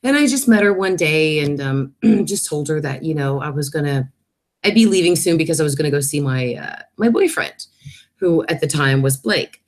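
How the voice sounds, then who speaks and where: Casting note: a woman in her thirties, slightly low voice, chatty live stream host who reads viewer comments aloud, apologizes a lot and laughs easily. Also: lively intonation, moderate pace. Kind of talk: casual live stream chat.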